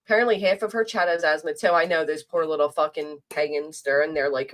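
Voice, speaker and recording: A woman's voice: low voice, steady tone, fast talker, hardly any pauses. A woman with a South Jersey accent near Philadelphia, giving blunt, profane live-stream commentary and answering her chat. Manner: reads and answers chat aloud.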